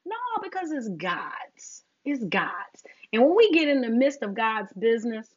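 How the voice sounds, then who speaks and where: A middle-aged woman giving a casual faith talk straight to her listeners, preachy and animated, calling them sis. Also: fairly high pitch, lo-fi sound.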